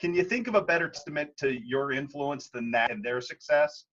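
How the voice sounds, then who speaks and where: A man's voice: on the high side, sing-song, fairly quick, fairly bright tone. A man interviewing a coach, asking long, wordy questions. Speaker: sports interviewer. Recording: muffled lo-fi audio.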